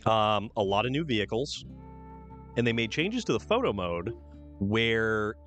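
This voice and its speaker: A man's voice: on the low side, very animated, unhurried, fairly bright tone, faint music behind. A man hosting a game stream, chatting casually and reading out vehicle details. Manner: chatty, reads truck descriptions aloud. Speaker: streamer host. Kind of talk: casual gameplay chat.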